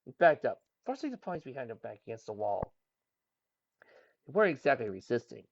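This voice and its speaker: Male reader, animated storybook narration, muffled home-mic sound. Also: medium pitch, brisk, vocal fry. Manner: animated reading, voices each character's lines. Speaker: fanfiction reader.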